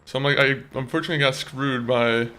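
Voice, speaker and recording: A man's voice: mid-range voice, fairly even intonation, fast, pushed and bright. Young male streamer, casual and talkative, mid-range voice, slight background noise. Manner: chatty, talks to chat, swears and laughs easily. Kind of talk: casual live-stream gameplay commentary.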